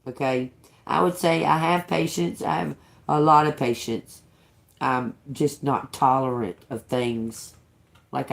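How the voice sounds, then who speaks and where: Unhurried gravelly woman, tarot reader rambling to her viewers, salty and laughing. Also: very deep voice. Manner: profane, laughing, rambling with restarts. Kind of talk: casual spiritual talk to viewers.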